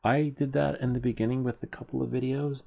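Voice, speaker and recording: A man's voice: medium pitch, level tone, fast, creaky, narrow, tinny audio. A man hosting a DIY tech channel, talking in a loose, rambling way, swearing casually and laughing at himself.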